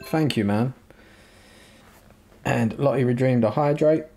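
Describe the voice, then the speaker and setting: A man's voice: medium pitch, slow pace, darkish tone. A man streaming a video game, chatting casually, joking and thanking his viewers. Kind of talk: casual live-stream commentary. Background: game music.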